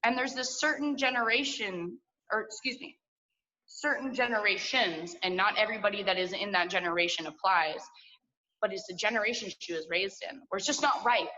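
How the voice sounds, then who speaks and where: A woman's voice: medium pitch, brisk, bright, forceful tone, lo-fi sound. A woman in her twenties telling a personal story at a story slam, candid and profane, full of likes and asides, heard over a video call.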